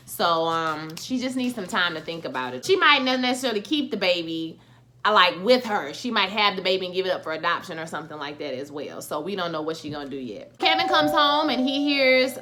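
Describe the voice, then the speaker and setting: A woman talking through a TV episode recap in a loose, chatty way, full of slang and little fillers. Her voice is bright and sharp, with a forward edge. She keeps it casual and conversational throughout. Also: medium pitch. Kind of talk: casual spoken recap and review.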